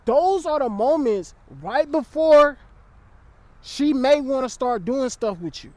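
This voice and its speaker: A man's voice: extremely high pitch, lively intonation, slow pace, darkish tone, no echo. A young man giving blunt, profane dating advice in a casual vlog, often checking in with the listener.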